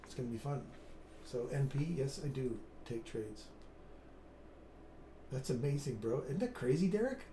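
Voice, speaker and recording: A man's voice: mid-range voice, animated, normal speed, long pauses, warm tone, roomy sound, a little hiss or hum. A man in his fifties hosting a live trading stream, chatting in an upbeat way and reading viewer comments aloud. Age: 50s. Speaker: trading livestream host.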